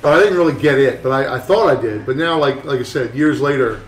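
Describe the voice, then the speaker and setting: A man's voice: mid-range voice, fast, roomy sound, far from the mic, rough recording. A man, a tattoo artist, telling a long story in rambling, profane casual chat with many restarts.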